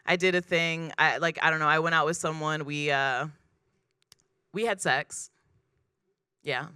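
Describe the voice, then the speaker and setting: A woman performing a stand-up comedy set on a club stage, deadpan and self-deprecating, acting out the people in her stories. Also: sits low, a little slow, smooth, dry recording, studio quality.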